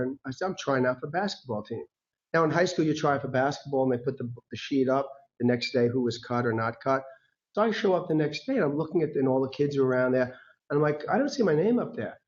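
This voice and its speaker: A man giving a talk as a guest speaker, telling personal stories in a lively way, acting out the voices of people he quotes and laughing often. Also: medium pitch. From United States. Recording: dull lo-fi recording.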